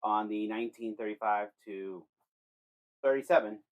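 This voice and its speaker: A man co-hosting a casual chat, giving brisk announcer-like intros. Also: fairly low pitch, muffled recording. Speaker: co-host.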